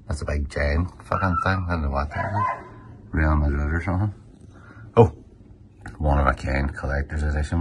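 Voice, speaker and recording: A man's voice: a bass voice, a little hiss or hum, poor audio. A man with a Derry accent, giving a casual, rambling tour of his table football room, swearing freely. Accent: Northern Irish, Derry. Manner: rambling and offhand, with frequent swearing. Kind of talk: casual walkthrough chat. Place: indoor games room filled with memorabilia.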